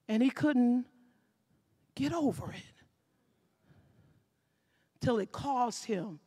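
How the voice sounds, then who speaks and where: A woman pastor, preaching a lively sermon, acting out scenes and often shouting. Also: high-pitched, a little slow, pauses often. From Mississippi.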